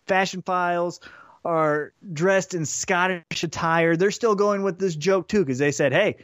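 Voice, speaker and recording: A man telling a story on a podcast, his voice set a little high. He is lively and animated and slips into put-on voices for the quotes. The sound is dry and close. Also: no echo, highs cut off. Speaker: podcast co-host. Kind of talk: casual chat recapping wrestling.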